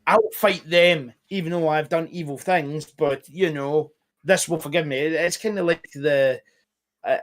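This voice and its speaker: A man's voice: on the high side, normal speed. A man talking as a guest in casual podcast chat, swearing often and rambling emphatically.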